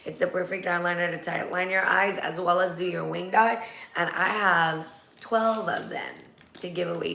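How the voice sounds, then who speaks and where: A woman's voice: lowish voice, pushed and bright, a little hiss or hum. Chatty woman host in an echoey room. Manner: chatty, rambling, laughs easily. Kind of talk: casual live-stream chat.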